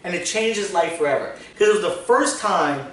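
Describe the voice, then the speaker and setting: A man's voice: sits high, lively intonation, a little fast, a bit bright. A man hosting a business podcast, telling long casual stories full of "like" fillers and the odd swear word. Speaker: podcast host, business owner. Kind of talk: casual storytelling chat. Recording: echoey room, distant mic, faint noise.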